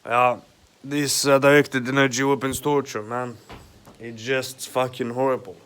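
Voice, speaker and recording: A man in a rambling monologue at home, agitated and profane, halting often with fillers. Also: mid-range voice, flat delivery, fairly bright tone, clear, resonant tone. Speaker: vlogger. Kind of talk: rambling direct-to-camera monologue. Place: at home, indoors.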